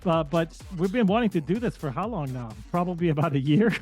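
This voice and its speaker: A man's voice: on the high side, lively intonation, a little fast, darkish tone, faint music behind. A man speaking as a guest on a casual podcast, earnest and reflective, driving his points home.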